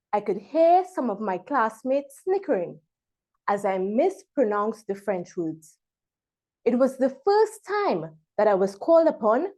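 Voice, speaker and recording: Woman, prepared speech, slightly high voice, dramatic pauses. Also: a little mellow. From Trinidad and Tobago. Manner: dramatic pauses, emphatic word-by-word delivery. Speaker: club member giving a speech.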